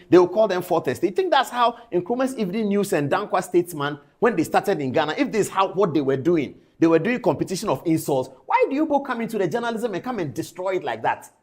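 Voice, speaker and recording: A man speaking as a TV news presenter, delivering impassioned on-air commentary full of indignant, lecturing rhetorical questions. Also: sits high.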